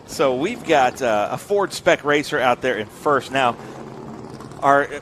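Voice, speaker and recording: A man's voice: medium pitch, lively intonation, measured pace, a bit bright, a little hiss or hum. A man doing live race commentary, joking around and reeling off long lists of drivers and cars.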